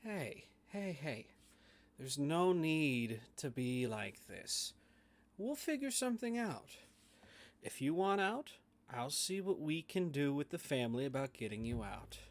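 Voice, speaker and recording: A man voicing a sly, menacing family man in a tabletop game, keeping his voice low and falsely soothing. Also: sing-song, measured pace.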